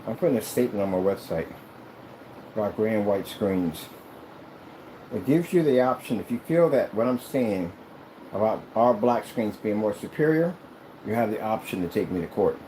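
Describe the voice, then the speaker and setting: A man's voice: fairly low pitch, lively intonation, normal speed, dark tone, slight background noise, poor audio. A man who makes screens and rants while he works, talking in a boastful, rambling, mocking way. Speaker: screen maker. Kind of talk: ranting vlog while working.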